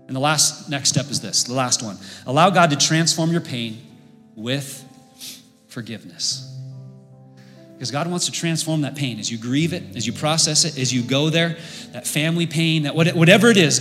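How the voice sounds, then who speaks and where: Man preaching, impassioned sermon, fairly high voice, long hall reverb, faint music behind. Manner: impassioned, builds to loud emphatic peaks. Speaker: pastor.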